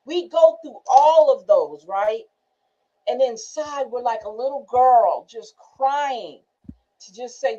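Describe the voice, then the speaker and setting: A woman host reads aloud and then talks it over with listeners, earnest and emphatic, and her voice jumps to high exclamations. Her tone is mellow and a little high. The sound is dull and lo-fi. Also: animated, moderate pace. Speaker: host reading a workbook aloud. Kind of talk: reading aloud and live discussion.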